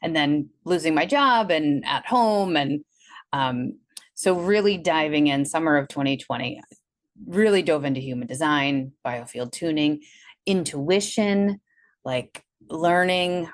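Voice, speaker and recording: A woman with a Wisconsin accent speaks in a fairly low voice, talking as an interview guest over a video call. She is animated and jumps into a higher voice whenever she acts out her own past thoughts. The sound is dry and close. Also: unhurried, no room sound. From Milwaukee, Wisconsin. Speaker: guest, energy healer. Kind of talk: casual interview storytelling.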